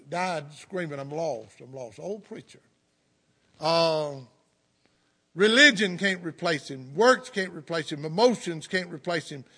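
A man's voice: sits high, a bit bright. A middle-aged man with a Southern US accent preaching a sermon, telling folksy stories and breaking in with praise and amens. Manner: folksy storytelling with fervent interjections.

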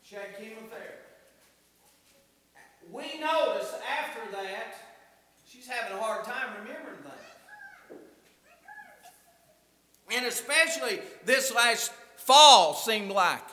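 A man preaching a sermon as a pastor, telling a story and swinging between soft asides and emphatic points. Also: sits high, animated, a little slow. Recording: echoey hall from far off.

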